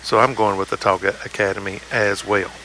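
A man's voice: fairly low pitch, steady tone, fairly quick, sharp tone, slight background noise, poor audio. A man hosting a casual sports talk show, folksy and joking. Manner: folksy, laid-back, joking.

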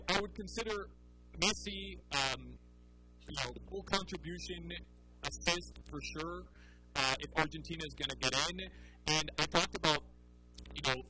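Bright-voiced chatty soccer analyst, man. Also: fairly high pitch, rough recording. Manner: chatty, animated, frequent restarts. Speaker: soccer betting analyst guest. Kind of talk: casual podcast chat.

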